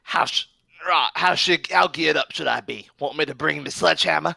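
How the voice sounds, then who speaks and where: A man's voice: on the high side, normal speed, vocal fry, sharp tone, no echo, heavily acted. A man voicing a cocky, boastful male brawler in tabletop role-play.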